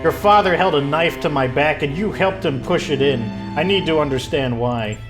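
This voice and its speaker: A resolute young noblewoman leader speaks in an earnest, firm tone, as a man reads her game lines. The voice sits slightly high, with faint music in the background. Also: moderate pace, close to an everyday voice. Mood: accusing. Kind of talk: reading game dialogue aloud.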